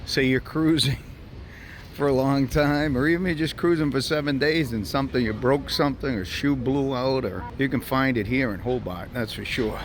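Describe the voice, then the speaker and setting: A man's voice: medium pitch, normal speed. A man chatting casually as he walks a city tour for his travel vlog, thinking aloud. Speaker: travel vlogger. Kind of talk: casual walking tour narration. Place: city streets outdoors. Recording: outdoor street noise.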